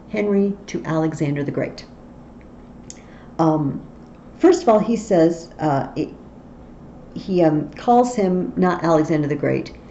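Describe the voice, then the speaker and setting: A woman's voice: on the low side, mellow. A woman teacher explaining a play in a literature tutorial, with wry asides, on a dull, faintly noisy recording.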